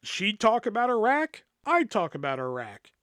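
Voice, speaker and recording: High-voiced man telling a rambling story. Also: moderate pace, no room sound, studio quality. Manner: profane, rambling, animated retelling. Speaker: podcast host. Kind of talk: casual storytelling.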